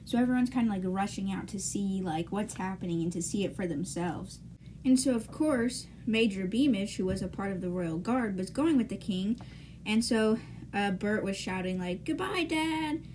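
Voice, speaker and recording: A woman's voice: medium pitch, normal speed, a little mellow, a little hiss or hum. A woman hosting a podcast, casually retelling a book's chapters in a chatty way full of "like" and "you know". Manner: chatty, filler-heavy, lots of "like" and "you know". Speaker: podcast host. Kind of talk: casual book recap.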